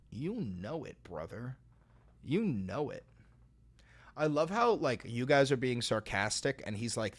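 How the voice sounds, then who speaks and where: A man hosting a livestream and reading out donations, talking sarcastically, bursting into loud mocking rants and dropping to low dry replies. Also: sing-song, a little slow.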